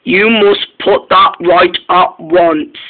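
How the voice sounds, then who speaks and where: A man's voice: sits high, steady tone, full character voice. A man playing a stern railway boss. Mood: cross. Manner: halting, restarts lines. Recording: tinny phone-like lo-fi sound.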